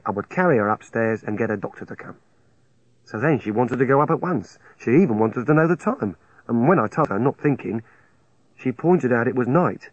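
A man narrating a first-person story in a plain, halting, confessional way. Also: mid-range voice, dry recording. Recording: dry, slightly dull studio recording.

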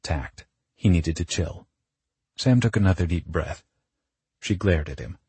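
A male audiobook narrator with a deep, very husky and breathy voice reads in a wry, measured way. The recording sounds close and completely dry. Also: expressive, dark tone, no room sound. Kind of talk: scripted narration.

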